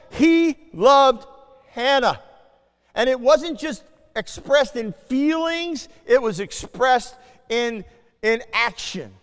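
A man preaching a sermon to a congregation, swinging between loud declarations and hushed asides and asking his listeners questions. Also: high voice, clean tone, big-room sound. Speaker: pastor.

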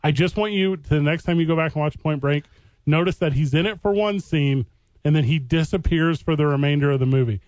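A man with a slightly high voice co-hosts a sports radio show and rambles through jokey stories. The sound is dry and close, with no room echo. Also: a little fast, a little mellow. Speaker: sports radio co-host and stand-up comedian. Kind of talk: joking radio banter.

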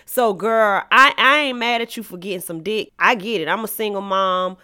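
A woman hosting a podcast, ranting about a TV show in a profane, dramatic way, swinging from shouting to low asides. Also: moderate pace, clean tone. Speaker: podcast host reviewing a TV show. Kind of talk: animated comedic rant.

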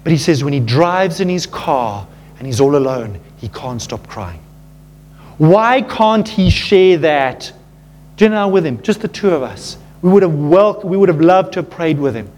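Earnest higher-voiced male preacher. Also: normal speed, slight background noise. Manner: animated, drops low and quiet for emotional moments; earnest, addresses listeners as folks. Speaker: pastor. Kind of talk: sermon.

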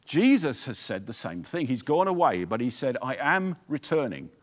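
A man's voice: medium pitch, big pitch swings, normal speed, a little mellow. A man preaching a sermon as pastor, with emphatic, repetitive exhortations. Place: church. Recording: long reverb of a church hall.

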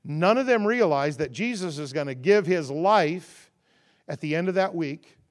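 A man preaching as a guest, stacking rhythmic contrasts that swell loud and then dropping into a relaxed, conversational and humorous storytelling tone. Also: unhurried. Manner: rhythmic call-and-response contrasts, rising to loud emphasis then dropping low. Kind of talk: sermon.

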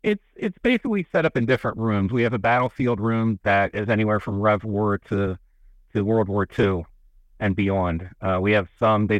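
A man with a fairly low voice talks through a local museum's collection on a radio interview, rambling and folksy, often restarting his sentences. The sound is close and dry, with no room ring. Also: no echo, highs cut off. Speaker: museum representative. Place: radio studio. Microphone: studio microphone.

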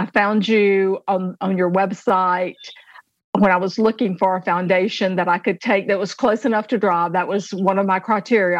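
A woman's voice: medium pitch, dry recording, lo-fi sound. A woman guest on a podcast, gushing with praise in casual conversation.

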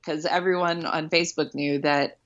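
A woman in her late thirties from Houston, United States, hosts a podcast in a casual chat. Her voice sits low with a steady tone at normal speed, the audio lo-fi, and she's wry and self-mocking, full of ums and likes.

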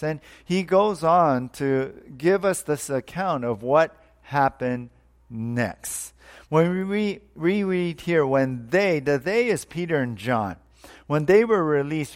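A married man, a pastor, leading prayer and preaching a sermon with repetitive phrasing that fades off at line ends. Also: a little high. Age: adult, married. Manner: repetitive prayerful phrasing, voice dropping away on closing words.

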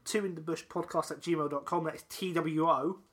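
A man co-hosting a podcast, telling a long story in casual chat, excitable and full of restarts and laughs. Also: a little high, normal speed. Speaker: podcast co-host.

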